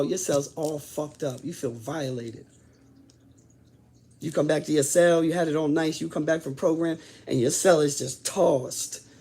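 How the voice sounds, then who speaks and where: A man with a gravelly, husky voice telling a story in blunt, profane talk. He swings between quiet, subdued stretches and loud, heated bursts as the memories come back. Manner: swings from low and subdued to loud and worked up as he relives events. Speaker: host telling his own prison stories. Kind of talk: casual storytelling.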